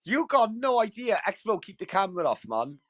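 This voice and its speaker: A man's voice: high-pitched, big pitch swings, fairly quick, fairly bright tone, dry recording, rough recording. A young man hosting a livestream, brash and sweary, full of rowdy banter that he keeps tagging with "bro" and "right". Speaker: livestream host.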